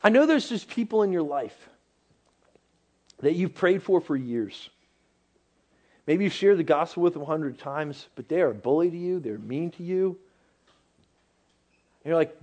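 Guy preaching a sermon, kinda high voice, chatty and animated, sometimes goes really soft and hushed. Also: measured pace, long pauses, dull audio. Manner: animated, conversational preaching with dramatic drops to near-whisper. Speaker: pastor.

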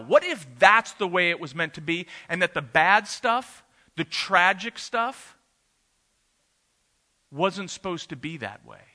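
This pastor's high voice is bright and forceful as he preaches a sermon to a congregation in a church room. He recounts a family story conversationally, with the odd "uh" slipping in.

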